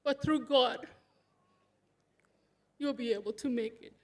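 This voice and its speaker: A woman's voice: a little high, slow pace, a little mellow. A woman giving an emotional funeral tribute, rambling and tearful, with laughter breaking through. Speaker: eulogy speaker, sister of the widow.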